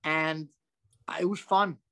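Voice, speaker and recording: An older male comedian spinning long, animated stories in an interview. His voice sits a bit high, and he curses freely and wanders into asides. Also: takes it slowly, smooth. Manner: animated, profane, rambling with asides. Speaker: comedian guest. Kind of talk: anecdotal storytelling.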